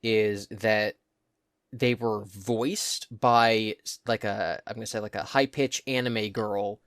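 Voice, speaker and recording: This young podcast co-host has a lowish, slightly bright voice with fairly even intonation, speaking slowly in clean studio quality with no room sound. He tells stories in a casual, easygoing chat, drawing words out when he wants to make a point.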